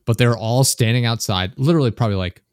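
A man's voice: medium pitch, fast, clear, resonant tone, no echo, clean studio sound. A young man, a podcast guest, chatting casually and telling rambling anecdotes with chuckles.

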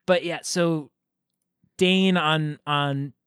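A man co-hosting a casual podcast, retelling film scenes with lively quoted voices. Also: fairly high pitch, extremely slow, smooth, no echo, studio quality. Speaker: podcast co-host. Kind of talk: casual film review chat.

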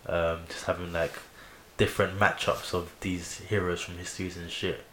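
A young man with a very deep voice, chatting casually and easily, with plenty of slang and filler words. He sounds like he is in an echoey room, with a faint hiss underneath. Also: level tone, normal speed, fairly bright tone. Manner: laid-back, full of fillers and slang. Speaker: podcast co-host. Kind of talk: casual chat.

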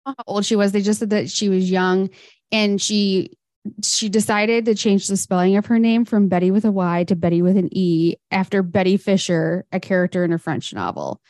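A woman's voice: medium pitch, moderate pace, a little mellow, no room sound, clean studio sound. A woman co-hosting a podcast, recounting a life story in a casual, chatty way with fillers. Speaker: podcast co-host. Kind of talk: casual history chat.

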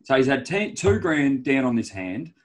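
Lively teasing Australian man. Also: mid-range voice, moderate pace. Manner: laughs a lot, teasing storyteller. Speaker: podcast co-host. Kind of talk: casual chat.

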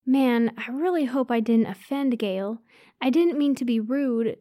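A woman's voice: a little high, a little slow, mellow, no room sound, studio quality, lightly acted. A woman voicing a shy, polite young man who talks cautiously. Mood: worried.

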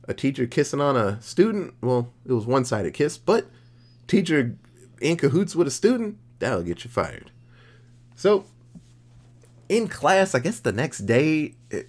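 Animated, profane man recapping a movie. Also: mid-range voice. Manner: profane, jokey, acts out characters mid-recap. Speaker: podcast co-host.

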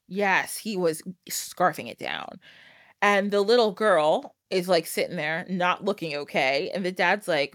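A woman's voice: fairly low pitch, moderate pace, no echo, clean studio sound. A woman hosting a podcast, casually retelling a fairytale with frequent laughs and acted-out quotes. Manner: animated, laughing, acts out quoted lines. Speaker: podcast host.

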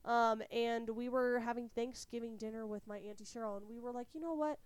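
A woman's voice: fairly high pitch, brisk, smooth, no echo. A young woman from California hosting a podcast, a little sick, telling a story casually and candidly with plenty of swearing. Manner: candid, swears freely, animated retelling. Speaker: podcast host.

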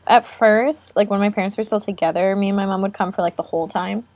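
A woman's voice: mid-range voice, quick pace, darkish tone, no room sound. A young adult woman reminiscing with a friend in a casual chat, giggly and loose with fillers. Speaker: co-host.

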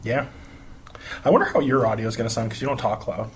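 An American man talks fast in a mid-range voice over crowd noise, co-hosting a casual gossip podcast with his wife. He rambles, swears freely and laughs a lot.

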